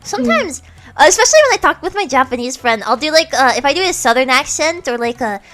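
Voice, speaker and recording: A woman's voice: high voice, very animated, fast talker, fairly bright tone, soft background music. An American woman hosting a stream in a casual, giggly and playful chat. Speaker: streamer host.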